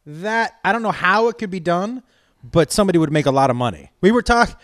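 A man's voice: high voice, lively intonation, brisk, a bit bright, no echo, clean studio sound. A man hosting a casual podcast chat, joking and asking questions.

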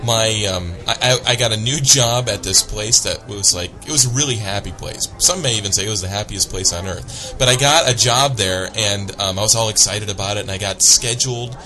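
A man's voice: fairly low pitch, a little fast, hardly any pauses, pushed and bright, faint music behind. A man co-hosting a casual comedy podcast, joking and self-mocking. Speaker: podcast co-host.

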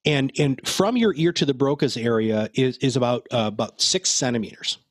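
A man appears as a guest in a casual podcast interview, chatting and laughing as he tells stories, full of fillers and restarts. His mid-range voice is expressive at a moderate pace, recorded dry with headphones and a studio mic.

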